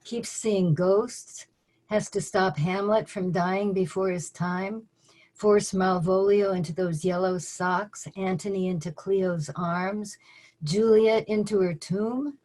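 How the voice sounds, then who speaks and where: An older woman poet reading her own poems at a virtual open mic over a video call, measured and deliberate, with dry asides between pieces. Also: medium pitch, fairly even intonation, a little mellow, rough recording.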